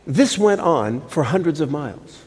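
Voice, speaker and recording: A man's voice: on the high side, unhurried, husky. Older male preacher in a reverberant hall. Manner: animated, chatty storytelling with restarts. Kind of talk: storytelling sermon. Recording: long reverb of a large hall.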